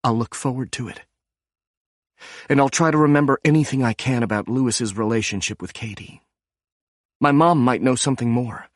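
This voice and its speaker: A man voicing an earnest young woman in an audiobook, gentle and sincere. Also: medium pitch, moderate pace, long pauses, no echo, clean studio sound, pitched above the performer's own voice, close to an everyday voice.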